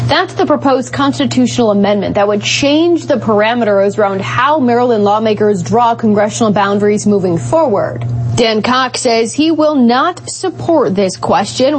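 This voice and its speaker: Woman reporter reading a news story. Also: a little high.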